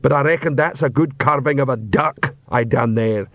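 A man voicing a big, dim, cheerful male troll guard who talks in a slow, plodding, earnest way. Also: medium pitch, no room sound, lightly acted. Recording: dull, dry audiobook recording.

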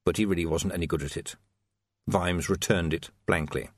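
A man's voice: deep voice, moderate pace, dry recording, studio quality. A man narrating an audiobook expressively, acting out the characters.

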